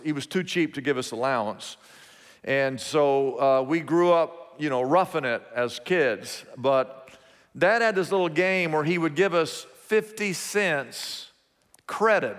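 A middle-aged man, a pastor, telling a story in a sermon, his voice rising high at the exciting moments. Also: unhurried, clean tone. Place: church sanctuary. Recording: long hall reverb.

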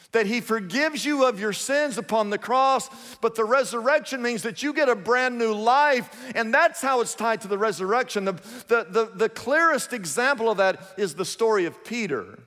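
A man's voice: very high-pitched, a bit bright, big-room sound. A man preaching a sermon, telling a story emphatically with lots of repetition.

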